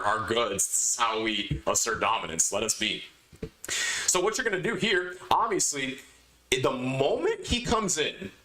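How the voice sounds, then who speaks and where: A man's voice: on the high side, sharp tone. A man hosting a podcast, giving emphatic, lecturing advice in a casual monologue. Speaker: podcast host. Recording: echoey room.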